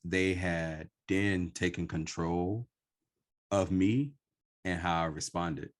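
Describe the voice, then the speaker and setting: Deep-voiced man, slow and earnest. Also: fairly even intonation. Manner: slow, earnest, personal storytelling. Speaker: podcast host. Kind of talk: reflective podcast conversation.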